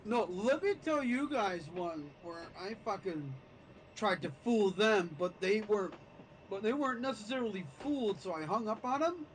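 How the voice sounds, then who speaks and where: An eager man with a high voice jumps in over others, pushing to tell his story. It is a faint, slightly hissy voice chat line. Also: expressive, normal speed, rough recording. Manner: eager, interrupting, insists on telling his story.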